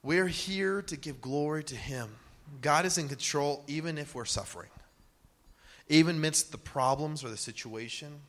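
A man preaching a sermon with animated delivery, sometimes acting out panicked voices. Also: medium pitch. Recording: long hall reverb.

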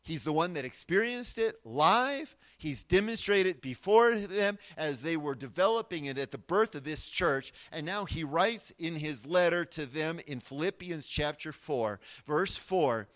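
A man preaching a sermon, swinging between loud emphatic lines and hushed, quiet asides. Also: on the high side, animated, a little slow. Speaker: pastor.

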